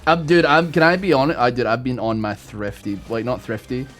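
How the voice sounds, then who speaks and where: Man, gaming commentary, rambling storyteller, lots of swearing, mid-pitched voice, faint music behind. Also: fairly even intonation, fairly quick, fairly bright tone. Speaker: gaming YouTuber. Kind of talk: casual gameplay commentary.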